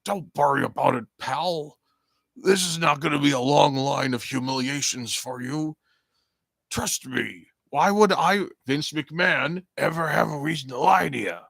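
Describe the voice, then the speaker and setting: A man's voice: on the high side, a little slow, creaky, fairly bright tone, husky, dry recording, exaggerated voice. A man putting on a smug male wrestling promoter who falsely reassures a colleague. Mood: falsely soothing.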